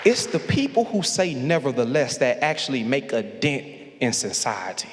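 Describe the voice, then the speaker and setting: A man's voice: medium pitch, sing-song, normal speed, crowd noise, noisy background. A man preaching a sermon in a large church sanctuary, speaking in a rhythmic, repeating style and calling on the congregation to answer him. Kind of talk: call-and-response sermon. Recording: long hall reverb from the sanctuary.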